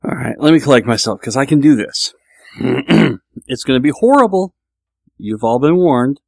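A man's voice: mid-range voice, animated, normal speed, vocal fry, darkish tone, no room sound. A man hosting a podcast, rambling casually and teasing himself, with many restarts. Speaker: podcast host. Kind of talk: casual monologue.

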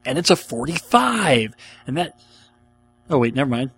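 A man's voice: medium pitch, big pitch swings, takes it slowly, gravelly, pauses often, fairly bright tone, a little hiss or hum. A man hosting a podcast, answering listener questions in an enthusiastic, rambling casual chat. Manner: enthusiastic, rambling, laughs often.

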